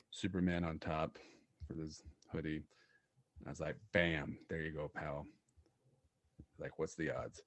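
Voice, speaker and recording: A man's voice: rumbling low, dry recording. A man co-hosting a podcast, telling casual stories with lots of fillers and laughing often. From Utah. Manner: animated storyteller, laughs often, many fillers. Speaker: podcast co-host. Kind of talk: casual chat, storytelling.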